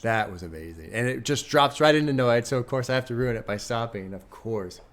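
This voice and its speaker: An excitable, profane man reacting live. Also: medium pitch, a little fast. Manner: excitable, profane, chatty, laughs often. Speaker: music reaction streamer. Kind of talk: first-listen album reaction.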